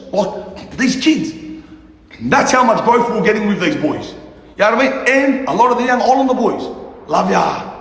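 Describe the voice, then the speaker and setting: A young man with an unusually high voice, talking in a passionate, profane, repetitive rant on a livestream. His voice rings through a room with long reverb. A faint noise sits under the recording. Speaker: youth mentor livestreaming.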